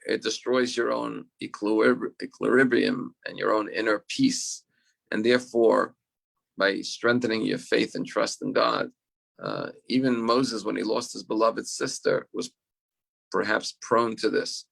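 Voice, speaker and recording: A man's voice: lowish voice, fairly even intonation, a little slow, creaky, a bit bright. A man teaching as a rabbi in an online class, telling stories earnestly and repeating words as he restarts.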